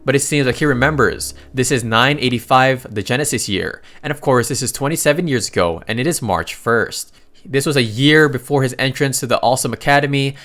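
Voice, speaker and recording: Excitable male recap narrator, casual and slangy, soft guitar bed. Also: mid-range voice. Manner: excitable, slangy, keeps exclaiming.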